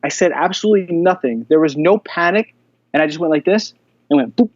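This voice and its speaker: Man, podcast guest, chatty animated storyteller, slightly high voice, dull dry audio. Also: fairly quick, dry recording. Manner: animated storyteller, many fillers. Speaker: guest, jiu-jitsu black belt instructor. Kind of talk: casual podcast interview.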